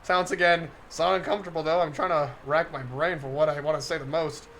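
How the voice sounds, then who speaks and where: Man, high voice, gravelly edge, flustered streamer reading a visual novel aloud, laughing between lines. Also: steady tone, fast talker, fairly bright tone, a little hiss or hum. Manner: flustered, laughs often, breaks off to comment. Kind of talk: live stream reading with commentary.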